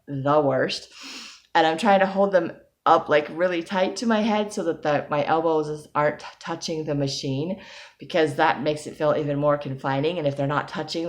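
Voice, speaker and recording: A woman recounting a personal experience in a casual video diary, rambling with lots of fillers and quoting her own thoughts. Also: low-pitched. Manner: rambling, casual storytelling with fillers and quoted self-talk. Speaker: vlogger.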